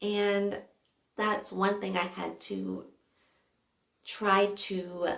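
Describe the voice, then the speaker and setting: Young woman vlogger, slow and gravelly, emotional storyteller, echoey room. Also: medium pitch, little pitch movement, fairly bright tone. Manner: emotional, laughing and close to tears. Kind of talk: casual storytelling to camera.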